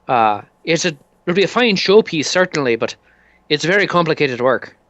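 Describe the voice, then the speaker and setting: A man's voice: on the high side, expressive, normal speed, a bit bright, no echo, dull audio, pitched above the performer's own voice. A man voicing a polite, fussy middle-aged gunsmith in a tabletop game. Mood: courteous. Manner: polite, precise, shop-talk.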